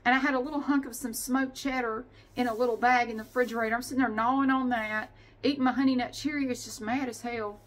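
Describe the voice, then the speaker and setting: A woman's voice: a little high, fairly even intonation, fast talker. A woman vlogging at home in a casual, chatty monologue, ranting with sighs and swearing.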